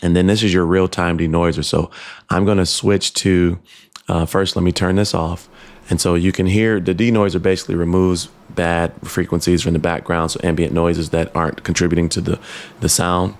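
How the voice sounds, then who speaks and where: Deep gravelly man demoing a microphone. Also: normal speed. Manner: relaxed, explanatory, frequent ums and restarts. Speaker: tech reviewer. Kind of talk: casual product demo. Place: home studio with computer fans nearby. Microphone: dynamic USB/XLR desk mic, switching to camera shotgun mic.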